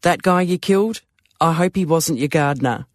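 Narrator doing blunt wry man, dry matter-of-fact delivery, slightly high voice. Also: normal speed, dry recording, lightly acted.

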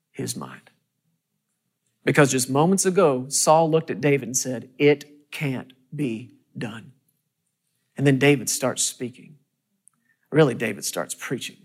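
Impassioned preacher delivering a sermon. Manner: impassioned, building to loud, high-pitched peaks; asks the audience questions.

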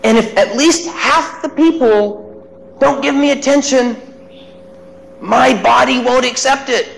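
A man's voice: extremely high pitch, unhurried, gravelly, a bit bright, slight background noise, voice pushed up, heavily acted, poor audio. A man voicing his hurt, jealous eight-year-old son, tearful and childlike.

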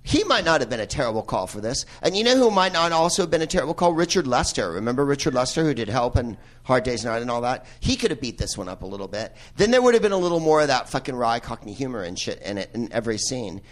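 A man's voice: medium pitch, big pitch swings, fast, hardly any pauses. A man hosting a live podcast in a movie theater, riffing on a film with profane, laughing asides. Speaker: podcast host. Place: old movie theater with audience.

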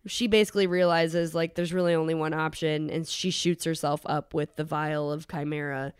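A woman's voice: deep voice, level tone, normal speed, clean tone, no room sound, clean studio sound. A woman, host of a podcast, chatting casually as she recaps a movie plot and laughs along with her guest. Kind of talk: casual chat.

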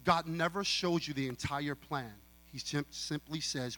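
A male guest pastor preaching to a youth convention, animated, acting out dialogue and talking straight to the crowd. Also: a little high, measured pace. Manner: animated, acts out dialogue, talks straight to the audience. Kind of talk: sermon.

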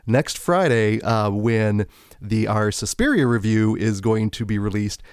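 A man's voice: fairly low pitch, expressive, measured pace, clear, resonant tone, dry recording, clean studio sound. Enthusiastic male podcast co-host. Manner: enthusiastic, talks up upcoming episodes and events. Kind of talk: casual chat.

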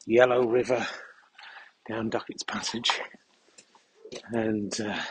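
A man hosting a podcast, talking in a deadpan, mock-serious ramble while walking a dog through the countryside. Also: mid-range voice, a little hiss or hum, rough recording. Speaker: podcast host. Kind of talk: comic rambling monologue on a walk.

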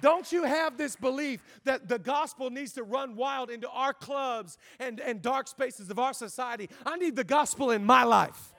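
A man preaching a live sermon as pastor, impassioned and swelling into shouted call-and-response. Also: very high-pitched, moderate pace, hardly any pauses, some chatter behind.

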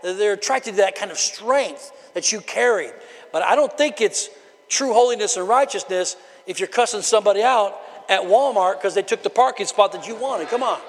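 A man pastor preaching a conversational sermon from the platform, building into shouted bursts. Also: sits high, moderate pace. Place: church sanctuary. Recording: long hall reverb of a church.

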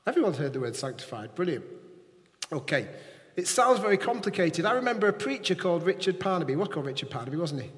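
A male preacher with a fairly high voice, delivering a sermon in a church hall where his words ring out with a long reverb. He keeps the congregation involved, tossing questions to them and checking they are with him. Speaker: pastor.

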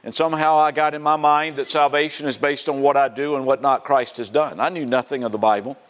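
A man's voice: medium pitch, steady tone, fairly quick. Man preaching with rhetorical questions. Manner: conversational, asks the congregation rhetorical fill-in questions. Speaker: pastor. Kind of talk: sermon.

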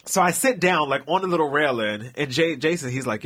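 A young man co-hosting a podcast tells a long story in casual chat, laughing and acting out what people said. His mid-range voice is animated and quick, with a fairly bright, slightly rough tone.

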